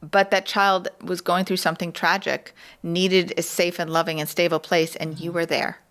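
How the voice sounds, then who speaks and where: A woman guest on a podcast, speaking in a calm, affirming way in casual conversation. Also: on the low side, moderate pace. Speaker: guest, adoption agency director.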